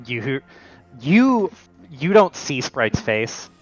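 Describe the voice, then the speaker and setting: A man's voice: medium pitch, sing-song, extremely slow, dull audio, faint music behind. A man narrating as game master of a tabletop role-playing game, loose and full of fillers.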